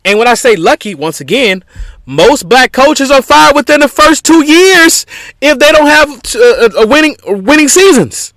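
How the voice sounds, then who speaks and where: Animated man giving sports commentary. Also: very high voice, moderate pace, no room sound. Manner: emphatic, repetitive, conversational. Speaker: podcast host.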